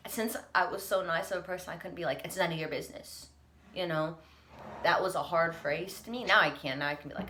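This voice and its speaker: Young woman vlogging, low voice, earnest. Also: fairly quick, fairly bright tone, slight background noise. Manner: earnest, reflective, laughs through emotion. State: choked up, near tears. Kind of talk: candid confessional vlog.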